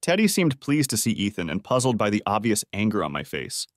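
A man's voice: fairly low pitch, big pitch swings, fairly quick, no room sound, studio quality. A man narrating a first-person story as an audiobook, lightly voicing the characters.

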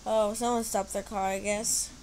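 A woman casually commentating her gameplay, excitably squealing, cheering and talking back at her opponents. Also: mid-range voice, moderate pace, slight background noise. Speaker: gamer commentating her play.

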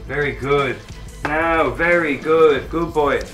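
A young man filming a casual travel vlog, excitable and swearing freely. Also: on the high side, slow pace, over music. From Ireland. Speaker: vlogger. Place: outdoors and inside an abandoned train.

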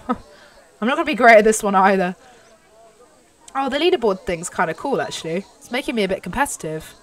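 Excitable British woman commentating a game. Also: mid-range voice, fairly quick, pauses often. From Britain. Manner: excitable, exclaims and urges her horse on. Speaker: gaming YouTuber. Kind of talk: live gameplay commentary.

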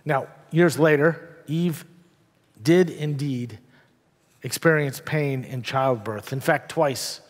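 A male pastor preaching a sermon in a church, telling the story with dramatic pauses and wry asides. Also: mid-range voice. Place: church sanctuary. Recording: long church reverb.

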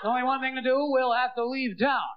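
A man performing stand-up comedy, talking fast and acting out little scenes in other voices. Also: very high-pitched. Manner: fast, animated, acting out voices of people and the movie. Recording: dull lo-fi tape with clear hiss.

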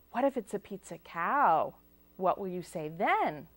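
Animated storytime librarian woman, slow. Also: lowish voice. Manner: animated, sing-song, asks children questions. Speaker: children's librarian. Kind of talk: storytime read-aloud for children. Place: public library. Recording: local cable TV taping.

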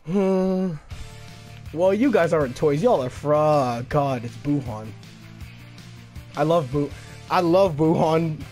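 A man's voice: a little high, slow, pauses often, darkish tone. A young man giving live gameplay commentary, cockily trash-talking and taunting his opponent. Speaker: gaming channel host. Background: game music.

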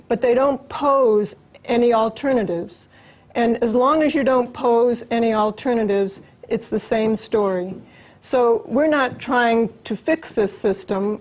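A woman's voice: fairly high pitch, low-quality recording. Earnest woman explaining her views. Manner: earnest, steady, with small restarts. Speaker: interview guest, longtime collaborator.

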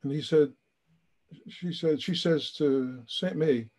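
Animated storytelling man, higher voice. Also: slow pace. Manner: acts out quoted voices, emphatic and emotional. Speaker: charity founder, guest.

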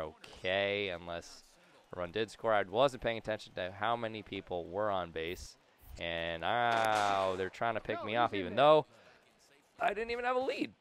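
A young man casually commentating his own video game play, rambling between topics and breaking into sudden loud cheers. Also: fairly low pitch. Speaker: gaming YouTuber.

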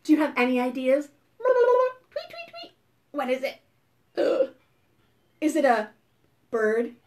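A woman's voice: sits high, unhurried, slight background noise. A woman librarian leading a preschool storytime, playful and sing-song, gasping and making animal sounds for the children.

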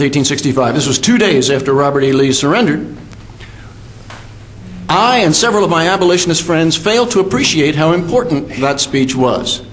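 An older man, a history professor, giving a measured academic lecture with fillers and self-corrections. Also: on the high side, slight background noise. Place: symposium hall.

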